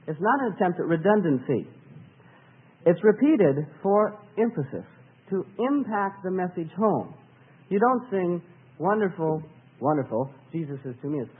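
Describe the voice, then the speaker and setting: Man in the pulpit, animated worship teacher with a husky edge, on a tinny, telephone-thin old tape. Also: fairly high pitch, normal speed. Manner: earnest, animated, sings short phrases to illustrate.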